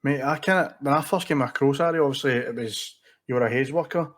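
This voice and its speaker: A man co-hosting a casual chat, putting short questions to the guest. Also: mid-range voice. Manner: short quick agreements and questions.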